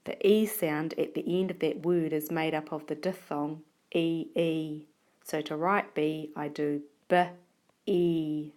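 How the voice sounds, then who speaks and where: A woman teacher giving a phonics lesson, sounding out words slowly and carefully. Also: sits low, fairly even intonation, darkish tone. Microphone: tablet recording.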